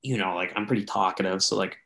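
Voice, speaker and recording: Gravelly young man telling a rambling story. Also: low voice, fast, bright, forceful tone. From Canada. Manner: rambling, filler-heavy, chatty. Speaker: podcast co-host. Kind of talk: casual storytelling among friends.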